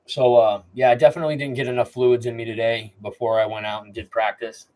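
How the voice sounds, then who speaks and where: A man's voice: medium pitch, level tone, fast talker, dark tone, rough recording. A man hosting a live stream, chatting casually in a rambling, laid-back way.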